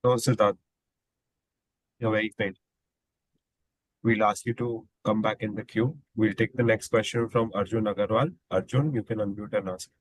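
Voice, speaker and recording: A man's voice: fairly low pitch, steady tone, moderate pace, long pauses, no room sound, low-quality recording. A man moderating an investor call, handing the floor to callers in a brief, procedural way.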